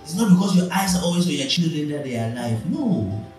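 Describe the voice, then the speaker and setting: A man's voice: fairly high pitch, big pitch swings, quick pace, a little mellow, heavy reverb, far from the mic, faint music behind, low-quality recording. A man preaching a sermon as pastor, firing off rhetorical questions to his congregation. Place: church.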